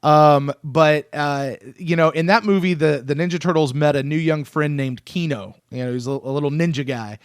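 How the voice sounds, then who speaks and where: A man in his thirties hosting a casual sports podcast, excitable and animated, often restarting his sentences. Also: fairly high pitch, moderate pace, few pauses, clear, resonant tone, no echo, clean studio sound. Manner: excitable, animated, self-interrupting. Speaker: podcast host.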